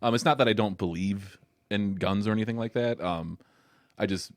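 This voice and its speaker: A man's voice: on the low side, moderate pace, no echo. A young man chatting as a podcast guest, telling rambling stories with plenty of swearing and laughter. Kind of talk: casual chat.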